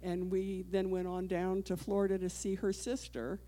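A woman's voice: medium pitch, monotone, moderate pace, dark tone. An older woman giving a personal testimony in church, telling the story earnestly and acting out the dialogue.

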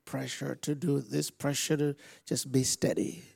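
A man preaching and praying over a person, slow and emphatic, shouting commands then softening to near whispers. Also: medium pitch, flat delivery, creaky, breathy edge. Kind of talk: prophetic ministry and prayer.

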